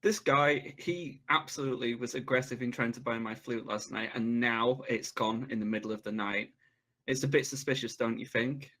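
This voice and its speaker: A man's voice: mid-range voice, moderate pace, a bit bright. A man playing a tabletop game who speaks bluntly and menacingly in character. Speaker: player.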